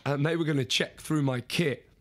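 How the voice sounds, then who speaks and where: Young guy on a podcast, kinda husky voice, earnest, keeps restarting his sentences. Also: fairly high pitch, fairly even intonation, normal speed, fairly bright tone. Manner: earnest, restarting and repeating words. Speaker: podcast guest. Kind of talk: storytelling in conversation.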